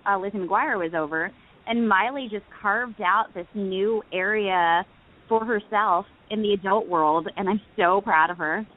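A woman's voice: mid-range voice, measured pace. A woman in her thirties, a guest actress calling in to a casual interview and telling stories with frequent laughter. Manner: bubbly storyteller, laughs often. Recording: phone line.

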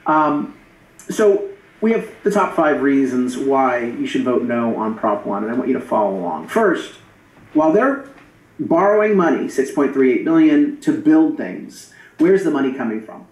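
A man's voice: mid-range voice, very animated, normal speed, darkish tone. A man delivering an emphatic, argumentative campaign address to voters, repeating key phrases for effect. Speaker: political campaigner. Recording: roomy echo.

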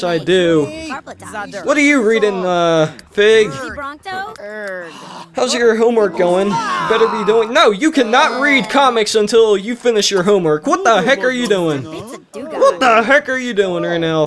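A let's play host giving casual gameplay commentary at a computer microphone, excitable, with frequent exclamations and mock scolding. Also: mid-range voice, a little slow, crowd noise.

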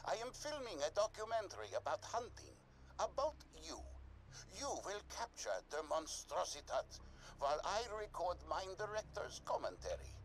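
A man's voice: high voice, big pitch swings, normal speed, slight background noise, low-quality recording. An actor playing a pompous male documentary filmmaker in a video game, with a German accent and a grandiose, clipped manner. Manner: grandiose, self-important, clipped.

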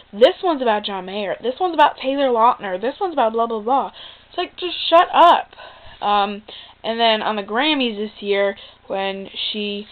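A young woman talks casually to her viewers, chatty and exasperated, with plenty of fillers. Her voice sits a little high. The sound is thin and tinny, like a phone line. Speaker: vlogger. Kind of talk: casual opinion vlog.

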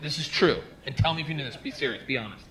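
A man performing a stand-up comedy routine on stage, telling stories loudly and with lots of energy. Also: on the high side, racing. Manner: loud, animated storytelling. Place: comedy stage before a live audience. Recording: live stand-up with loud crowd noise.

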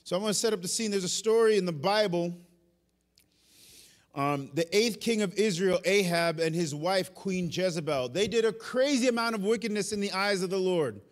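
A male pastor, preaching an animated, storytelling sermon in a church. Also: high-pitched, moderate pace. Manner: animated, storytelling, self-aware asides. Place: church sanctuary.

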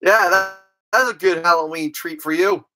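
A woman's voice: lowish voice, moderate pace. A woman telling comedy stories in a rambling, stumbling way, with crude, brash asides. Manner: rambling, stumbling storytelling with restarts. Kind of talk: stand-up style comedy bits.

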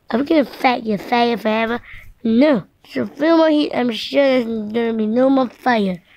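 A woman's voice: fairly high pitch, measured pace, darkish tone. A woman improvising a playful story, acting out several characters with repeated words and meowing sounds. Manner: playful, switching between characters, many meows and repeated words. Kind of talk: improvised toy play storytelling.

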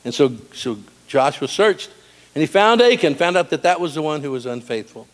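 A man preaching a sermon in a church, animated and storytelling with humor. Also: on the high side, moderate pace. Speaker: pastor. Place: church sanctuary.

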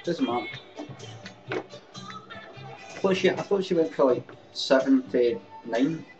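A man's voice: mid-range voice, animated, unhurried, darkish tone, faint music behind. A Scottish man hosting a live webcam comedy show, mocking and sarcastic, swearing often. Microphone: webcam mic. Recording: dull lo-fi webcam audio.

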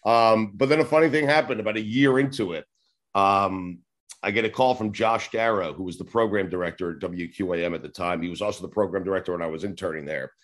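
Low-voiced man in his forties, rambling storyteller. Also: quick pace, fairly bright tone. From New York. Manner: rambling, acts out old conversations, swears casually. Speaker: sports radio host, podcast guest. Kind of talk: casual interview storytelling.

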